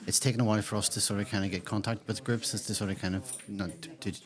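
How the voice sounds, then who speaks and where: Fast-talking man hosting. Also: lowish voice, fairly even intonation. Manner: rambling, lots of restarts and fillers. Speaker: podcast host and digital hub coordinator. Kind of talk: casual interview. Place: community centre room. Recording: background chatter of a group.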